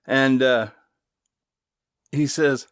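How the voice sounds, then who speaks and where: A middle-aged man rambles through a story on his own podcast, easygoing and a little profane, with plenty of asides. His voice sits at an ordinary pitch and is recorded dry and close, with almost no room sound. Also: fairly even intonation, very slow, fairly bright tone, clear, resonant tone, no room sound. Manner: loose and chatty, with swearing and asides. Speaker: podcast host. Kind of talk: casual storytelling monologue.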